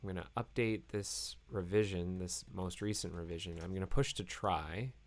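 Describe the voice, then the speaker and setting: A man hosting a live coding stream, thinking aloud in halting phrases with many fillers and self-corrections, and saying he is losing his voice. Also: low-pitched, gravelly. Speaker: programmer live-coding host.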